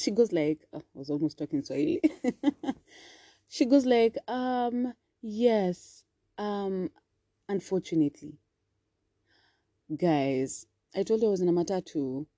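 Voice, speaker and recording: A woman in her thirties, a single mother telling a story to her viewers in a chatty, expressive way. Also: low voice, no room sound. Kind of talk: casual storytelling vlog.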